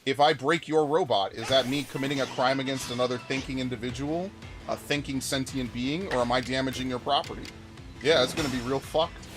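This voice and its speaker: A man's voice: mid-range voice, fairly even intonation, fairly quick. A man giving profane, ranting let's-play commentary while reacting to chat comments. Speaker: gaming YouTuber. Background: game music.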